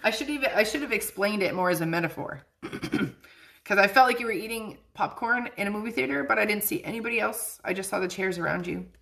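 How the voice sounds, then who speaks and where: Bubbly, bright-voiced woman livestreaming. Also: mid-range voice, creaky. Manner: bubbly, chatty, laughs often. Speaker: psychic medium livestream host. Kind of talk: casual livestream chat.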